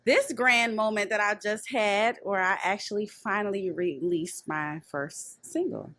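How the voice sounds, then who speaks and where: A woman guest on a podcast in casual chat, talking in an expressive, reflective way and laughing easily. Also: medium pitch, a little slow.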